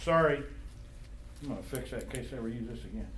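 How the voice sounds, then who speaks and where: A man's voice: mid-range voice, animated, quick pace, slight background noise. A man leading an informal Bible study, quizzing the group with questions in a conversational way. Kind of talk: informal Bible class teaching. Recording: echoey room.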